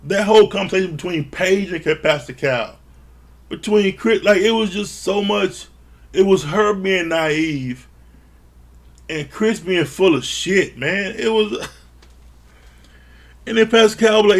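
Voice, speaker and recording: A man's voice: high-pitched, lively intonation, measured pace, long pauses, fairly bright tone. A man recapping a reality show in a casual, blunt and profane way, sounding exasperated. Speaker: show reviewer.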